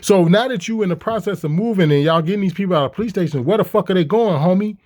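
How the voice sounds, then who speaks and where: Heated high-voiced man ranting. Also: fast talker, darkish tone. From Chicago. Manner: heated, mocking, rhetorical questions. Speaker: commentator reacting to clips. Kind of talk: profane ranting commentary.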